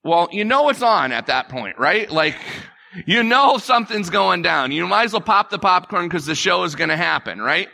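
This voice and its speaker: A man's voice: sits high, expressive, moderate pace, gravelly, pushed and bright. A male pastor preaching a conversational sermon, repeating phrases and acting out quotes.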